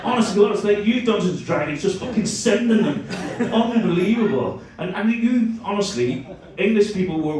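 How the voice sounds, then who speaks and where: A man's voice: on the high side, darkish tone. Irish guy doing standup, swears a lot, roasts the front row, big echoey club room, sounds a bit far from the mic. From Ireland. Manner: profane, teasing, fast storytelling. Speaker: stand-up comedian. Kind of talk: stand-up comedy with crowd work. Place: comedy club stage. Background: audience laughter.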